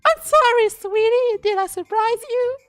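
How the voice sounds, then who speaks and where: A man voicing a clingy, sweet female kraken monster girl in an eager, doting falsetto while reading a game's dialogue. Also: measured pace, a bit bright, no room sound, faint music behind. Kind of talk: reading game dialogue aloud.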